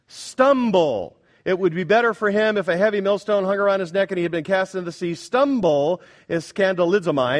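A high-voiced man preaches a Sunday sermon as pastor, speaking emphatically. He swings between loud declarations and hushed, prayerful passages, frequently putting questions to the congregation.

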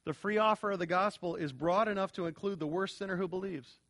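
A middle-aged man with a high voice preaches a sermon to his congregation. He pushes some points out loud and emphatic, then drops to a low, earnest hush. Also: quick pace. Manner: dynamic preaching, swinging from loud emphasis to hushed earnest tones. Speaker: pastor.

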